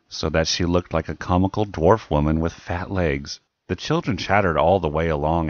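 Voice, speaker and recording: A man reading a children's novel aloud as an audiobook narrator, with steady, measured storytelling. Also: a bass voice, no room sound, muffled recording. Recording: music playing behind the reading.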